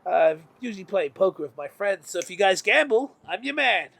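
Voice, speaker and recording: A chummy father who loves a game of poker offers to meet the party later, as a man voices him in a tabletop game. The delivery is casual and friendly, fairly high and raised. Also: lively intonation, fairly quick, gravelly, pushed and bright, no room sound, exaggerated voice. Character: friendly male traveler and father who gambles.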